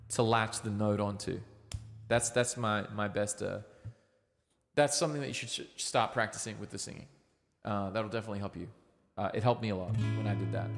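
An Australian man, a young adult singing teacher, giving relaxed, chatty tips on a live stream with lots of fillers. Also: medium pitch. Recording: long reverb.

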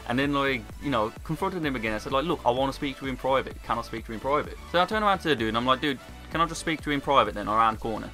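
A young British man telling a story in a casual, sweary, animated way. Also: medium pitch. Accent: British English. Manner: brisk, animated, sweary retelling. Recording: faint background music.

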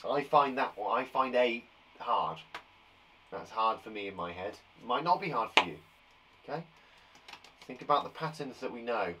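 This English man works as a primary school teacher, giving young children a live online maths lesson where he counts out loud and adds chatty words of encouragement. He has a medium-pitched, animated voice at normal speed, pausing often, with a noisy background.

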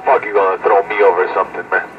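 A man's voice: deep voice, little pitch movement, very fast. A man trash-talking and hurling insults over a CB radio from a truck cab. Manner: profane, taunting, shouting insults. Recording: dull lo-fi radio with loud static.

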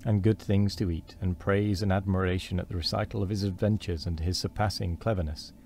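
A man reads a storybook aloud at a measured pace, now and then tripping and restarting a word. His voice is low and mellow, with a faint hiss behind it. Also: fairly even intonation. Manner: measured, with small slips and restarts. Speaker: streamer reading a book aloud. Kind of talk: storybook reading.

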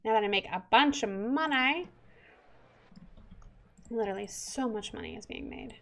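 Woman, casual let's-play commentator, chatty and exasperated, fairly high voice with a gravelly fry. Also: moderate pace, a bit bright. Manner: exasperated, chatty, talks to herself. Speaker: gamer.

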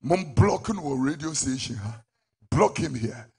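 A middle-aged man with a Ghanaian English accent, preaching a sermon as a prophet, with sudden shouted peaks. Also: on the high side, animated, measured pace, husky.

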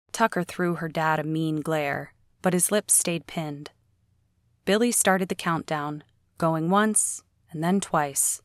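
Woman reading an audiobook, low voice, dry close sound. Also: slow, no echo. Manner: steady storytelling read. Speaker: audiobook narrator. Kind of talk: scripted audiobook narration.

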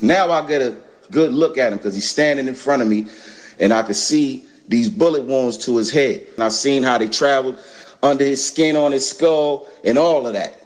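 A man's voice: medium pitch, moderate pace. A man from Brooklyn, telling a story in casual profane speech and acting out what others said. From Brooklyn, New York. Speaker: storyteller recounting an event. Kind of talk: casual spoken recollection.

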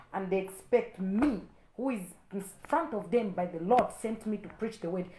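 A woman's voice: fairly high pitch, echoey room. A woman preacher delivering an impassioned sermon, repeating her points and rising into stern warnings. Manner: exhorting, repetitive, rising to stern loud warnings.

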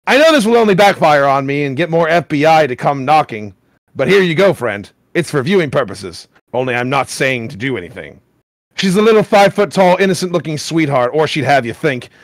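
A man's voice: on the high side, lively intonation, fairly quick, no echo. A man hosting a comedy show, wryly reading forum posts aloud and laughing at them. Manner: wry, laughs at what he reads. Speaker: host reading internet posts.

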